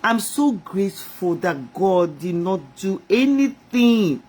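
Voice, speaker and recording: A middle-aged woman with a medium-pitched, very animated but slow voice gives an impassioned inspirational talk on a live stream. She addresses God and her audience directly, rhetorical in style, swinging between soft and loud.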